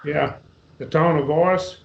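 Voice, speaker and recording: A man's voice: fairly high pitch, vocal fry, a little hiss or hum. Man teaching a Bible class in a roomy space. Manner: relaxed, halting, calls on students by name. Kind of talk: Bible class lesson, Greek word study. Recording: roomy, dull lo-fi class recording.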